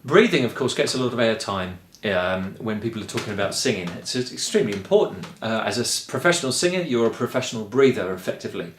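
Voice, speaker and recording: A man's voice: lowish voice, expressive, quick pace, few pauses, slight background noise. Rambly kent guy teaching voice, lots of ums, echoey room. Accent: Kent English. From England. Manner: chatty and rambling, with frequent ums and light laughs. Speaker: choir director and singing teacher. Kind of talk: relaxed spoken lesson.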